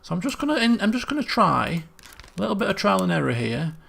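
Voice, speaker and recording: A man's voice: high-pitched, big pitch swings, fast, creaky, a bit bright, breathy edge. A man, thinking aloud as he streams a puzzle game, muttering guesses and restarting sentences. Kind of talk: casual gameplay commentary.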